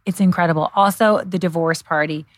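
A middle-aged woman co-hosting a podcast in casual chat, gushing and excitable, often trailing off mid-sentence. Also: on the low side, fairly quick, dry recording, studio quality. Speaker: podcast co-host.

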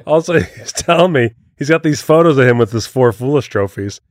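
A man co-hosting a podcast in casual chat, animated and laughing a lot. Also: medium pitch, fairly quick, no room sound, studio quality. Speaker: podcast co-host.

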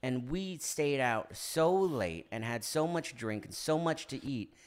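A man in his thirties, a podcast guest and actor, chatting casually and animatedly and laughing often. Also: measured pace. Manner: animated, jumps into high-pitched silly impression voices, laughs often. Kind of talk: casual chat.

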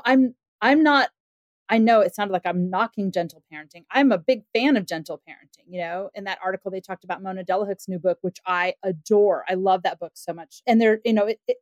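A woman's voice: medium pitch, dry recording. A woman parenting expert talking through examples in a casual podcast discussion, acting out quotes as she goes. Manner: animated, acts out parent and child quotes.

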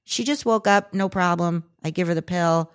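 A woman's voice: normal speed, smooth. A woman in her forties, a podcast co-host, telling a story in casual chat and acting out the quotes. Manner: animated, acts out quotes with big pitch jumps.

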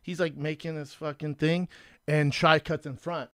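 A man's voice: a little high, flat delivery, normal speed, a bit bright, dry recording, studio quality. A man, co-hosting a podcast and telling profane stories in casual chat. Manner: storytelling, acts out voices, profane. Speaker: podcast co-host.

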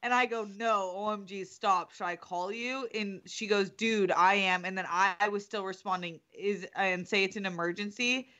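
A woman co-hosting a casual chat, quickly retelling an exchange of text messages. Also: mid-range voice, steady tone, pushed and bright, muffled recording. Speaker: podcast co-host.

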